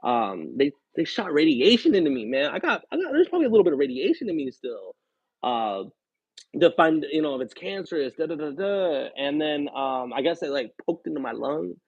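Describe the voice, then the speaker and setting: A man's voice: a little high, big pitch swings, fairly quick, vocal fry, slightly rough, dry recording. A man live streamer chatting casually, telling a personal story in a rambling, candid way with lots of fillers. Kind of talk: casual chat. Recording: tinny phone-like dry sound.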